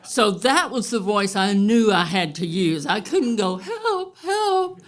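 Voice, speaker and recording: A woman telling a true story on stage to a live audience, wry and unhurried, often chuckling. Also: medium pitch.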